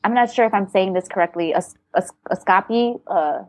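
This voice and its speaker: A woman speaking as a podcast guest, telling a painful family story in a candid, blunt way, with halting restarts and some swearing. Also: mid-range voice, darkish tone, dry recording. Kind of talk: emotional personal storytelling.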